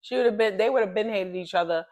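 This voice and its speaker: A woman's voice: mid-range voice, fairly quick. A woman in her late thirties, co-hosting a podcast, telling a story in casual chat, laughing often and swearing. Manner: lively, laughs often, profane. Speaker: podcast co-host.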